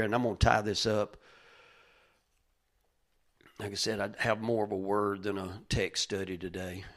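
Folksy older preacher. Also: male voice, mid-range voice. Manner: folksy, speaks to listeners by name, voice swings from loud rises to quiet asides. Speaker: pastor. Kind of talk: conversational sermon.

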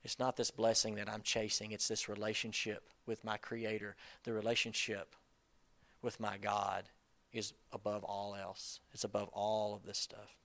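Bright-voiced preacher, talking plainly. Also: male voice, on the low side, monotone, moderate pace, gravelly. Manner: conversational, rambling preaching with sudden loud bursts. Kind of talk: sermon.

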